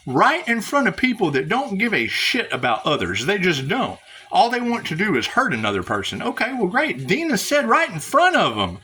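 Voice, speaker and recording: A man's voice: high voice, bright, forceful tone, breathy edge. A man rambling to his viewers in a spiritual vlog, sarcastic, swearing and laughing often. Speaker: spiritual vlogger.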